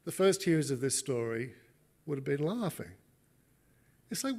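An Australian man preaches a sermon, talking in an animated, conversational way. His voice sits a little higher than most men's. He keeps it lively and plain-spoken as he works through his point. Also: normal speed. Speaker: pastor.

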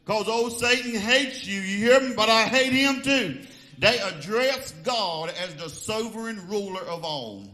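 Guy preaching in church, high voice, fired up, keeps asking the crowd huh?. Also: unhurried, pushed and bright. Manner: fervent, prods the congregation with "Huh?". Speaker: pastor. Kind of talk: sermon.

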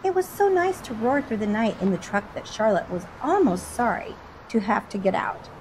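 A woman reading a children's storybook aloud in an expressive, lively way. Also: a little high, moderate pace, noisy background.

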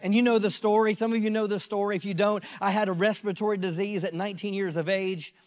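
High-voiced preacher in an echoey hall. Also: male voice, level tone, fast talker. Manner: earnest, repeats phrases for emphasis. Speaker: pastor. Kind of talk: sermon.

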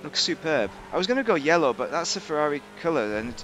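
A man's voice: on the high side, big pitch swings, fast talker, fairly bright tone, slight background noise. A man giving rambling, joking commentary while reviewing a video game. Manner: rambling, chatty, jokey asides. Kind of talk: casual gameplay commentary.

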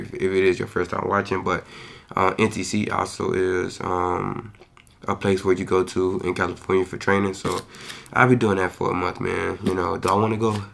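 A young man in his twenties vlogging casually to camera at home, talking fast and rushing his words in loose, slangy speech. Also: low-pitched, creaky, a bit bright, slight background noise. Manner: loose, slangy, peppered with "you feel me". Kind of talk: casual vlog chat to camera.

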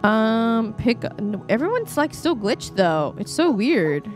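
A woman's voice: on the high side, very animated, takes it slowly, over music. A young woman casually commentating her live stream of a life-simulation game, chatty and scattered, talking to herself with lots of fillers.

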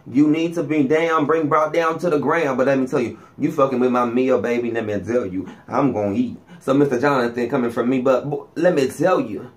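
A man, giving a profane, sassy gossip monologue as a vlogger, swinging his pitch up and down for emphasis. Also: fairly quick, hardly any pauses.

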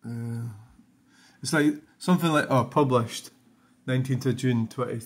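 A man's voice: medium pitch, moderate pace. Blunt older Scottish man muttering along. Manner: muttering, blunt, swears freely. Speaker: YouTuber giving a channel update. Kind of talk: casual rambling chat.

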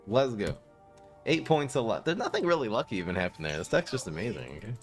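A man commentating his live-streamed card game, excitable and laughing often as he talks to his chat. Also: on the low side, quick pace, faint music behind.

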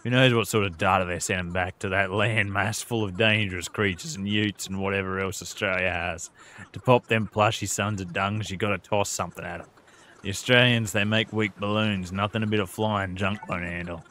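A man voicing a paranoid, blustering patriot who hunts emus, gruff and barking orders in a game. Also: fairly low pitch, steady tone, fairly quick, pushed and bright, slight background noise. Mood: scheming. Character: paranoid blustering male patriot emu hunter.

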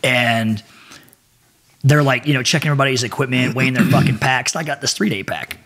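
A husky-voiced middle-aged man spins a profane, animated war story, jumping into quoted voices as he goes. He sounds like a podcast guest talking casually. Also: medium pitch, brisk. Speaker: podcast guest, former Marine and SEAL.

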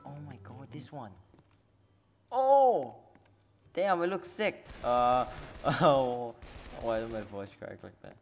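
Man, gamer commentary, unhurried delivery, excitable and jokey, faint background music. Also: medium pitch. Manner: excitable, jokey, laughs and swears often. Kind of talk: casual gameplay commentary.

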